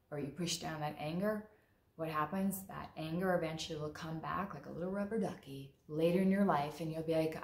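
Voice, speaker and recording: Woman therapist, lowish voice, roomy echo. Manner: conversational, acts out parents and children in quotes. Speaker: mental health therapist. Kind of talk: explaining with acted examples.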